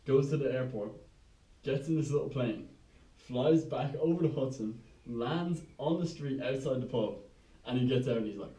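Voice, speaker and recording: A man's voice: medium pitch, moderate pace, mellow. A man co-hosting a podcast, telling a rambling, sweary anecdote full of "right?" asides. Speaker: podcast co-host. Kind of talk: casual chat, storytelling. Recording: echoey room, mic far off.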